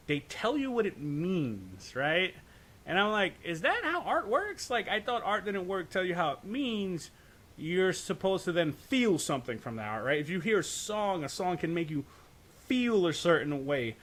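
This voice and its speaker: Man ranting on a podcast, slightly high voice. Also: a bit bright. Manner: profane, rambling rant with frequent "right?" and stammered restarts. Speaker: podcast co-host. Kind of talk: casual podcast discussion.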